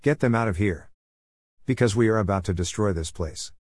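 A man's voice: fairly low pitch, brisk, dry recording, clean studio sound, natural voice. A man reading the urgent commands of stern messengers.

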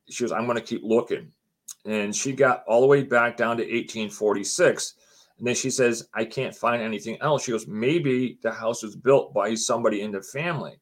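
A middle-aged man at an everyday pitch, telling a personal story in a loose, talky way. He keeps restarting his sentences and acts out each conversation, switching between himself and the people he met. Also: moderate pace. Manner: retells conversations line by line, acting out the other people; chatty, often says "she goes" and restarts his sentences. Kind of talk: casual spoken anecdote.

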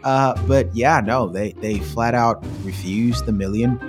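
A man co-hosting a podcast, telling a story in a casual, animated way with many fillers. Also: medium pitch, measured pace, over music. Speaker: podcast co-host.

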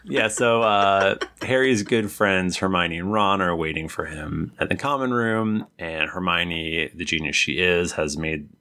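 Male host, very low voice, casual recap, quick character voices, chuckles a lot. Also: sharp tone. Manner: laughs often, acts out characters in quick voices. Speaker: podcast host recapping a book. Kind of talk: casual chat, retelling the story.

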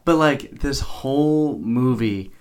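A man's voice: medium pitch, expressive, slow pace, clear, resonant tone. A man co-hosting a podcast, agreeing often and adding his take on a movie. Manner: agreeable, chiming in with short yeahs. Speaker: podcast co-host. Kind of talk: casual movie discussion.

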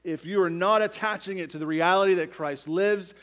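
A man preaching a sermon as pastor, emphatic, tossing in "right?" asides and swinging from loud declarations to near-quiet. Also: high voice, a little fast.

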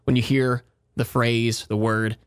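A man in his thirties hosting a morning radio show, reading promos and bantering with co-hosts in an animated way. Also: smooth. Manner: animated, sweeping pitch, reads promos quickly.

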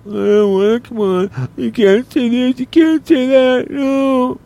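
A man putting on a whiny, high-pitched young man's voice to mock him, squeaky and pleading. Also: steady tone, slow, vocal fry, mellow, exaggerated voice.

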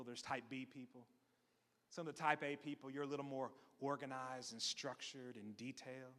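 Energetic joking pastor in echoey hall. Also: male voice, high voice. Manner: energetic, joking, repeats key phrases. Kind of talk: sermon. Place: church hall.

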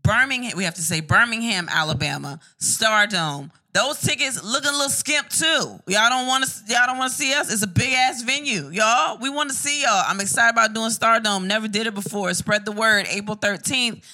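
A woman's voice: on the high side, expressive, normal speed, hardly any pauses, sharp tone. A woman co-hosting a casual late-night podcast, joking loosely and reading off tour dates. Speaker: podcast co-host.

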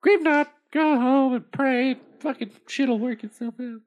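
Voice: high-pitched, unhurried, lo-fi sound, voice pushed up. A performer voicing a crude, exasperated goldfish in a comic storybook reading. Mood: grumpy. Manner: foul-mouthed, exasperated. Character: crude grumpy goldfish granting wishes.

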